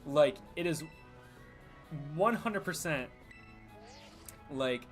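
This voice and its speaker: A man's voice: a little high, animated, drawn-out words, soft background music. A young man casually chatting while streaming a game, rambling and full of fillers, laughing easily. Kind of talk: casual live gameplay commentary.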